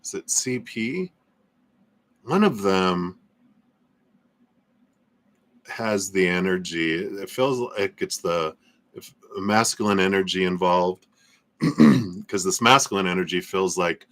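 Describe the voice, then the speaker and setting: A man's voice: deep voice, expressive, measured pace, fairly bright tone. A man giving a live tarot reading in a loose, rambling way, full of fillers and small laughs. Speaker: tarot reader.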